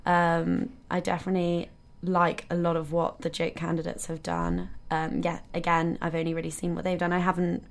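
A woman's voice: lowish voice, monotone, normal speed, gravelly, hardly any pauses. A young woman, a first-year university student, talking earnestly and enthusiastically as a guest on a radio show, with frequent light laughs. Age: young adult. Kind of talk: casual radio chat. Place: radio studio.

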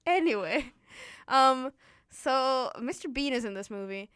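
A young woman chatting on a radio show, animated and laughing, acting out voices as she retells a story. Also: high-pitched, a little slow, smooth, no echo, studio quality. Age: young adult. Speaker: co-host. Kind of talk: casual chat.

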